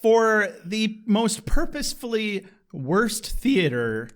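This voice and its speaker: A man co-hosting a casual podcast, animated, laughing often and acting out quotes. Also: sits high, takes it slowly. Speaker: podcast co-host. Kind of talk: casual chat.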